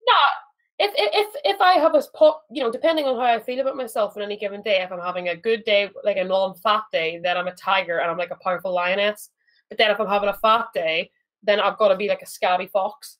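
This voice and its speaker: A woman's voice: mid-range voice, fast talker. A woman co-hosting a casual fan podcast, self-deprecating and scatterbrained, laughing at herself and swearing freely. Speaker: podcast co-host. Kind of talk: casual chat.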